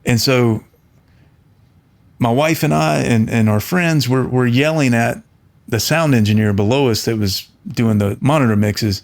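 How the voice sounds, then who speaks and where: A middle-aged man at a mid pitch talks earnestly and casually to camera. He spins a personal story, restarting phrases as he goes, and perks up when he quotes people. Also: unhurried. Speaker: audio engineer and channel host.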